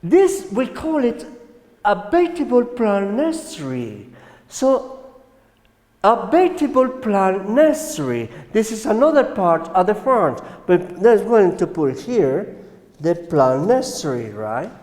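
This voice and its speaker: Slow, echoey Colombian English teacher. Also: male voice, high voice, very animated, a little mellow. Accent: Colombian Spanish. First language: Spanish. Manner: slow, repeats words and asks "right?". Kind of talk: classroom English lesson. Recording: echoey room with long reverb.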